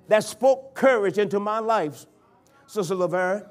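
A man, a bishop, preaching a sermon in a church, swinging from hushed pleading to loud, impassioned cries. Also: high-pitched, a little slow. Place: church sanctuary.

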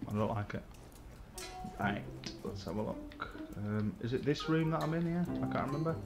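A man's voice: mid-range voice, animated, moderate pace, over music. A man hosting a gaming channel, chatting casually over multiplayer gameplay, swearing a lot and laughing often.

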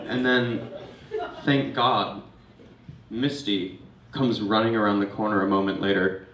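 A man's voice: lowish voice, big pitch swings, slow pace, long pauses. Man telling a rowdy stage story. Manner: casual, rambling, swears freely. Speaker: comedian and host. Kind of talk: live stand-up storytelling. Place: small venue with live audience. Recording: echoey room from far off, faint noise.

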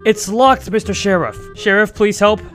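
High-pitched male gaming host, excitable and dramatic, faint music bed. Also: moderate pace. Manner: excitable, dramatic, talks to viewers. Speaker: gaming YouTuber. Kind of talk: excited role-play gameplay commentary.

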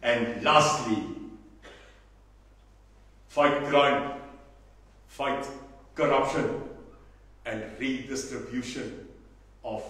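A man with a South African accent giving a rousing political speech, emphatic, swinging from low asides to shouting. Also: fairly even intonation, very slow, pauses often. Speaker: political party leader. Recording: echoey hall, mic far off.

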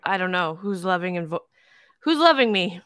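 Bright, smooth-voiced woman sharing candidly. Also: fairly low pitch, expressive, normal speed, dry recording, clean studio sound. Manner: open, candid, laughs easily. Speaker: show host. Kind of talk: casual heart-to-heart chat.

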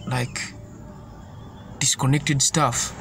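A man's voice: medium pitch, fairly even intonation, drawn-out words, a bit bright, soft background music. A man giving an informal sermon in an earnest, repetitive way, often stumbling and restarting his sentences. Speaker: preacher.

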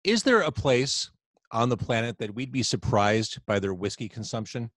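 A man's voice: medium pitch, lively intonation, moderate pace, fairly bright tone, no echo. A man hosting a casual live video-chat podcast, upbeat and teasing his guest. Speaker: podcast host. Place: home, indoors. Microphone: video call.

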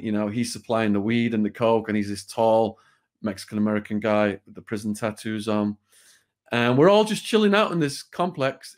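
A British man, a guest on an interview show, telling a true story in a vivid, blunt way with the odd swear word. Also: on the low side.

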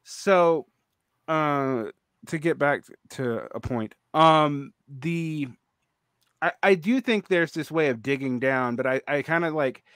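A man's voice: a little high, slow, fairly bright tone, clear, resonant tone, no echo, clean studio sound. A man in his forties hosting a podcast, chatting casually, rambling and restarting often with many fillers. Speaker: podcast host. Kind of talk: casual conversation.

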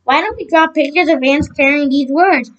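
An eager, mischievous little schoolboy from a storybook, bursting with big ideas, as a woman reads him aloud in a high voice. He talks fast, trips over a word and starts again. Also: fairly bright tone, highs cut off. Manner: reads with slips and restarts.

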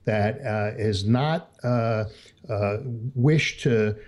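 A man's voice: on the low side, extremely slow, darkish tone. A man calling in to a chat show, hesitant and full of fillers. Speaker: caller. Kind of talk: casual call-in chat.

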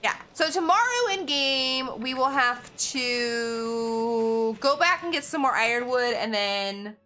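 A woman's voice: on the high side, expressive, slow, sharp tone, slight background noise. A young woman casually talking through a game as she plays, thinking aloud and chatting to viewers. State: has the hiccups. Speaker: gaming channel host. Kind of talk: casual gameplay commentary.

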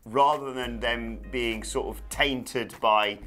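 A man's voice: medium pitch, steady tone, slow, fairly bright tone, faint music behind. A man co-hosting a wrestling news show, giving thoughtful, rambling opinions in a casual way.

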